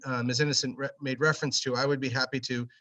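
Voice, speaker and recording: An earnest man speaks haltingly at a virtual meeting, restarting his sentences often. He sounds a little far from his microphone. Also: mid-range voice, flat delivery, pushed and bright. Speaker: meeting participant. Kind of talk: public comment at a virtual meeting.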